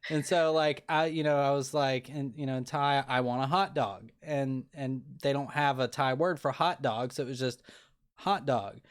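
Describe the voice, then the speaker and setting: Male host, clear smooth voice, relaxed rambling interviewer. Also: mid-range voice, moderate pace. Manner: easygoing, rambling with restarts. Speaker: podcast host. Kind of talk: casual interview chat.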